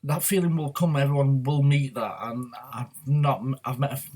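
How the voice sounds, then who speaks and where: A man's voice: medium pitch, moderate pace, darkish tone. A man talking openly in a rambling, confessional way on his personal vlog. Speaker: vlogger. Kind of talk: candid personal vlog talk.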